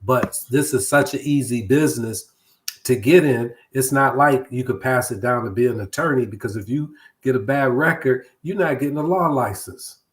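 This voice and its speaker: A middle-aged man with an ordinary mid-range voice talks through business on a call-in show. His delivery is relaxed and conversational, with restarts and repeated words. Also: medium pitch, normal speed. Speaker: guest real estate broker. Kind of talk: casual talk-show chat.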